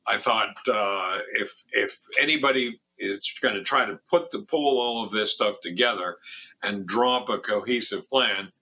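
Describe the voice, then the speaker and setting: Older male guest, animated raconteur, bright husky voice, restarts often. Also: fairly low pitch, moderate pace. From Miami. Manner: animated storyteller, quotes others in raised voice, frequent restarts. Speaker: former foundation president, guest. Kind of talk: storytelling in a radio interview.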